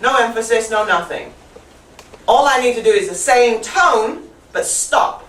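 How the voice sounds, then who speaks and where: A woman teaching an English writing class, playful and quick to laugh, often teasing herself. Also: a little high. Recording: echoey classroom, distant mic, faint hiss.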